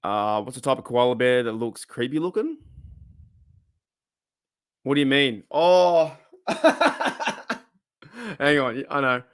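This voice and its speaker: A man's voice: mid-range voice, a little slow, long pauses, clear, resonant tone, no echo, studio quality. Chatty Australian man hosting a livestream. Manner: chatty, laughs often, reads chat aloud. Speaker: livestream host. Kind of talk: casual livestream chat.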